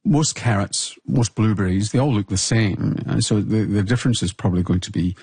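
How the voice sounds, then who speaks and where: A man, a health expert co-hosting a podcast, explaining in a measured way with frequent restarts. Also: fairly low pitch, darkish tone, husky, no room sound.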